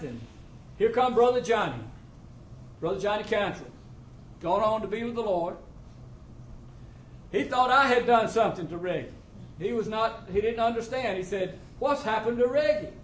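A high-voiced man preaches his testimony to the church, telling it in an easygoing country manner. A little hiss or hum sits under the roomy, faintly ambient echo.

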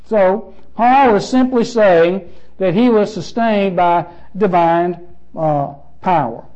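A man's voice: sits high, slow, warm tone, highs cut off. A man preaching a sermon as pastor, emphatic and repeating phrases with shifting stress.

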